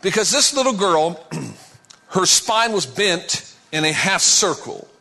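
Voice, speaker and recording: A middle-aged man preaching, telling a testimony in a dramatic storytelling manner that drops suddenly to a low voice. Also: big pitch swings, takes it slowly, creaky, pushed and bright. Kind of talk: sermon testimony.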